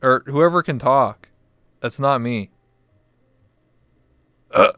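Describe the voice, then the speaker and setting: A man's voice: medium pitch, takes it slowly, fairly bright tone, smooth, no echo. A man hosting a casual streamed talk show, joking and self-deprecating with his guest. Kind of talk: casual chat on a live stream.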